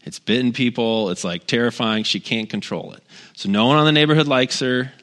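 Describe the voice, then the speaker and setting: A middle-aged pastor giving a casual, conversational sermon, telling personal stories with wry humor and lots of asides. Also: male voice, medium pitch, fairly quick, a bit bright.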